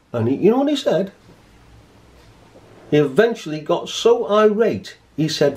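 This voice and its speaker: A man's voice: high-pitched, very animated, measured pace, long pauses, darkish tone. A man giving an indignant monologue to camera, emphatic and repeating his points. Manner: emphatic, repeats points, acts out both sides of an argument. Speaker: vlogger.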